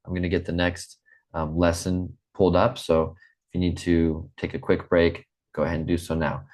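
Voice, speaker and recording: A man with a very low voice leads a live online English lesson. He grew up in the Midwest and talks slowly and plainly, repeating himself and checking in with his students. He is heard through a computer mic on a video call. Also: flat delivery, darkish tone. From Midwest United States. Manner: slow, clear, repeats and checks with okay.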